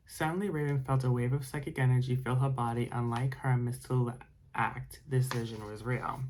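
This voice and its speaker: A man's voice: mid-range voice, fairly even intonation, fairly quick, a little mellow, a little hiss or hum, poor audio. A man reading a storybook aloud for ASMR bedtime listening, with chatty, rambling asides. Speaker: storybook reader.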